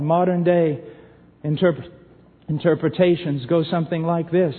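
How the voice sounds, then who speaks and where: Male preacher with a high voice, fiery sermon delivery from hush to shout, tinny recording in an echoing hall. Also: fairly even intonation, measured pace. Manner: impassioned, swinging from hushed to shouting.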